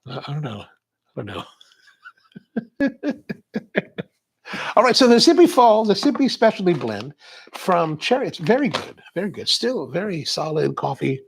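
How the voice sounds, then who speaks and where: A man's voice: sits high, big pitch swings, normal speed, vocal fry, pauses often, a little hiss or hum. A man hosting a coffee livestream, chatting casually and reading out viewer comments in a rambling, chatty way. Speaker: coffee show host.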